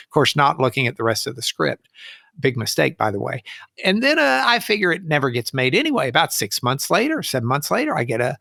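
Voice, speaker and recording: A man, a guest attorney, telling anecdotes in a folksy, animated way and acting out the people he quotes. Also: mid-range voice, a little fast, creaky, no echo, studio quality. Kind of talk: anecdotal storytelling.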